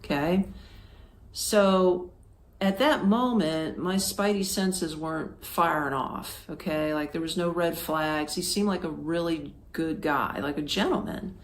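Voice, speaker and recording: In a low, slightly slow voice, a Florida podcast host shares a travel tale. The telling is casual and chatty, thick with fillers and dramatized quotes.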